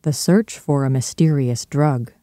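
A man narrating a classic novel in a clear, steady storytelling style. His voice is mellow and dark, and the recording is dry and close. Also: mid-range voice, unhurried, no room sound. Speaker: audiobook narrator. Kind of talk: scripted narration.

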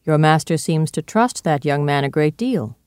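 Man doing a proper mild lawyer, polite and measured, mellow, dry close sound. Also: on the high side, lively intonation, clean tone, no room sound, close to an everyday voice.

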